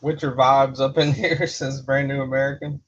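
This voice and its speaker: A man's voice: mid-range voice, level tone, normal speed, fairly bright tone. Rambling man hosting a garage livestream. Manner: rambling, with many fillers like "you know" and "uh"; laughs often between remarks. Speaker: livestream host. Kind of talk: casual livestream chat, reading out viewer comments. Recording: slightly dull livestream audio with faint background music.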